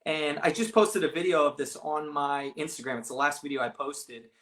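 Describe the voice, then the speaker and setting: A man's voice: a little high, fairly even intonation, normal speed, a bit bright. A man, a real estate agent, talking casually in an interview, rambling with many restarts and fillers. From California, raised partly abroad.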